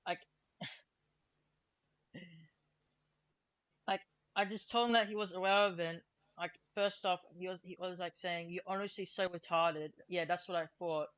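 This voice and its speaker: A teenage Australian streamer rambling through a story in casual voice-chat talk, full of fillers. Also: male voice, high-pitched, steady tone, takes it slowly, pauses often, a bit bright, clear, resonant tone, dry recording. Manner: rambling retelling, filler-heavy. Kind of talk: casual chat over voice call.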